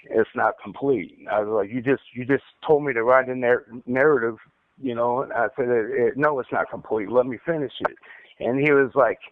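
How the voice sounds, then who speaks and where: A man's voice: mid-range voice, moderate pace. Stuttering man on a tinny phone line. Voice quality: stutters, repeats words and restarts often. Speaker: caller recounting an interrogation. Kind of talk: casual phone account.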